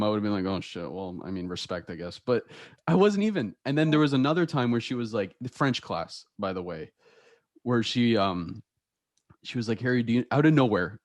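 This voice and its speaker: A man's voice: medium pitch, a little mellow, dry recording. A young man hosting a podcast, chatting casually and telling stories with a lot of laughter. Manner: laughs often, storytelling with quoted voices. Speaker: podcast host. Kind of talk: casual chat.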